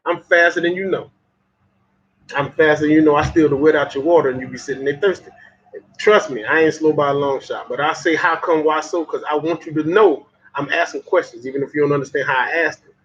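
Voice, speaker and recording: A man's voice: on the high side, fairly even intonation, fast, slightly rough. A man with a Southern US accent delivering a profane, folksy motivational monologue, repeating lines for emphasis. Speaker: motivational vlogger. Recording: muffled lo-fi audio.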